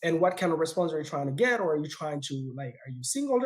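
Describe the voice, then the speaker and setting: A man with a non-native English accent, a podcast guest talking in an energetic, emphatic way and repeating words when excited. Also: on the high side, quick pace. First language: not English; speaks four languages. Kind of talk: casual podcast conversation.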